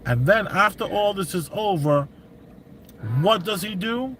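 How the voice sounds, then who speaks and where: A middle-aged man, telling stories and giving commentary in animated, slangy street talk. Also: sits high, unhurried, slight background noise. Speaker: vlogger. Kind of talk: commentary and storytelling.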